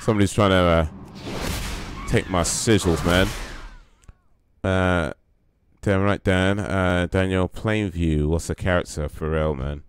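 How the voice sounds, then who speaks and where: A man's voice: sits low, fairly even intonation, measured pace, long pauses, a little hiss or hum. A man casually chatting while he streams a game, rambling with plenty of fillers. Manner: rambling, lots of fillers, joking. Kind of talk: casual live-stream chat.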